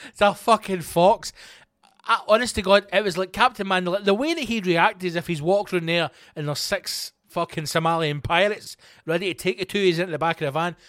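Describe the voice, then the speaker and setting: A man's voice: a little high, dry recording, studio quality. A middle-aged Scottish man hosting a comedy podcast, telling a self-mocking story full of swearing. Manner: profane, animated, self-mocking. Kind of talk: comic storytelling monologue.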